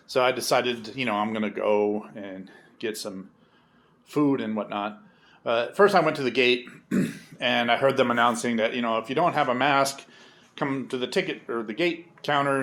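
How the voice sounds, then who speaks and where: A man telling a story in a casual, rambling way, sardonic and swearing freely, with many pauses and fillers. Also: medium pitch. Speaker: vlogger. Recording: loud vehicle noise behind.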